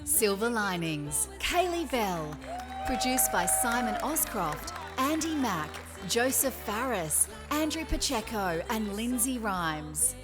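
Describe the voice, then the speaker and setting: A woman announcer with a slightly high voice, reading award nominees in a crisp, formal script. Loud music runs right under her voice-over the whole time. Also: very animated, takes it slowly. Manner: crisp, formal listing delivery.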